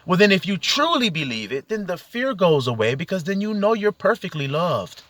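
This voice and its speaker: A man's voice: high-pitched, big pitch swings, normal speed, fairly bright tone. A man giving an impassioned spiritual monologue from inside a car, exhorting his listeners with rhetorical questions. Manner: exhorting, fired-up, peppered with rhetorical questions to the audience. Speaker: self-styled preacher.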